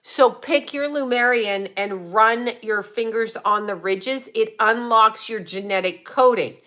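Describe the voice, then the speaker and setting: A woman's voice: on the high side, measured pace, fairly bright tone. A woman hosting a casual livestream, answering viewers in a rambling, blunt and profane way. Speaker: psychic medium livestream host.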